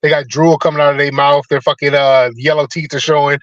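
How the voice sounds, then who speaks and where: A man's voice: on the high side, fairly even intonation, fast, few pauses, no room sound, dull audio. A man speaking as a guest in casual commentary, laid-back and dismissive, swearing freely.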